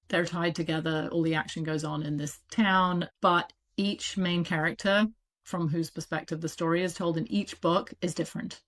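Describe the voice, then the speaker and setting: Chatty British-accented woman publisher, low-pitched. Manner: animated, chatty, quick asides with laughs. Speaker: audiobook publisher, guest. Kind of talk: casual interview talk.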